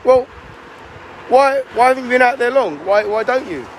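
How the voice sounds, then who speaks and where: A man's voice: extremely high pitch, lively intonation, normal speed, a little hiss or hum, pitched above the performer's own voice. A man doing a pushy, eager business executive. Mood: persuasive.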